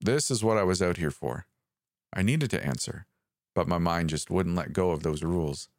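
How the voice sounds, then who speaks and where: Man, very low voice, dry close sound, calm horror story narration. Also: normal speed, no echo.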